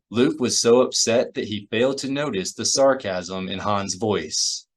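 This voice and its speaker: A man with a fairly low voice narrates a novel aloud. He reads in a steady, even storytelling manner. It is plain audiobook narration. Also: measured pace, hardly any pauses. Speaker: audiobook reader.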